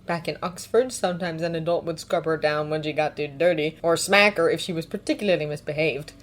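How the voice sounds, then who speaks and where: A woman reading fan fiction aloud in a calm, even storytelling manner. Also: sits low, brisk. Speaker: fanfiction reader. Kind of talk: audiobook narration.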